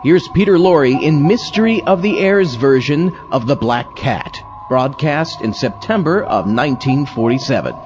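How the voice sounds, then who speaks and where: A man's voice: mid-range voice, animated, moderate pace, hardly any pauses, dull audio, over music. A man hosting a podcast, giving a plain, informative introduction to an old radio episode. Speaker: podcast host.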